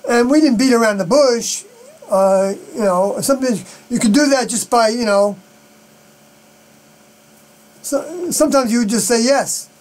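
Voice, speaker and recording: Man, high voice, rambling solo live-stream talk, halting with fillers, mains hum under it. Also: poor audio. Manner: halting, many fillers and unfinished sentences.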